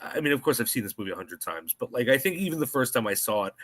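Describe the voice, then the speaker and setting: A man co-hosting a casual movie podcast, animated and swearing freely as he talks through a film. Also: medium pitch, fast talker. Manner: animated, swears freely, slips into mock voices. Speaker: podcast co-host.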